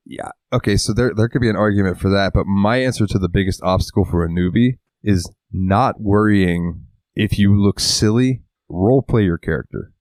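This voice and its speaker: Deep-voiced rambling podcast co-host, a man. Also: moderate pace, darkish tone, dry recording. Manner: rambling, swears freely, acts out quotes. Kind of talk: casual chat.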